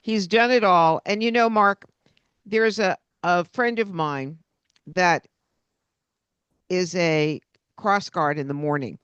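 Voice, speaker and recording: Slow, smooth-voiced radio host woman. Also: fairly low pitch, a bit bright, dry recording, muffled recording. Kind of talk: radio interview hosting.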